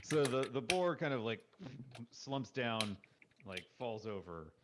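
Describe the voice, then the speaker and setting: A man narrating as game master in a casual, descriptive way, with frequent pauses and filler words. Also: mid-range voice, sing-song, background noise. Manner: casual, lots of ums, descriptive storytelling.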